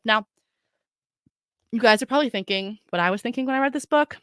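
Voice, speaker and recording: A woman's voice: fairly high pitch, fairly quick, pauses often, fairly bright tone, clear, resonant tone, no echo, clean studio sound. A young adult woman hosting a podcast, talking casually to her listeners with frequent restarts and filler words. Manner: chatty, stumbling restarts, addresses listeners as guys. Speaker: podcast host. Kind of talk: casual solo podcast talk.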